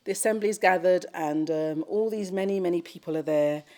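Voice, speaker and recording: Gentle lowish-voiced woman telling a story. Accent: British English. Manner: gentle, reflective storytelling with soft pauses. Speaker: Buddhist teacher. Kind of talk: retreat dharma talk, storytelling. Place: retreat hall.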